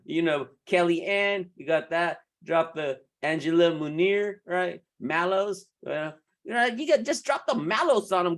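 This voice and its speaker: A man coaching beauty professionals in a casual, animated way, laughing often and restarting his sentences. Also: a little high.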